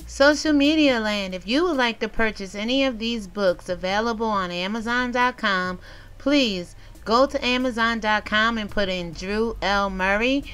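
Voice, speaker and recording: A woman vlogger answers viewer comments in a loud, animated, casual way, swearing and laughing at her own jokes. Her voice sits on the high side at a normal speed, and the recording quality is low.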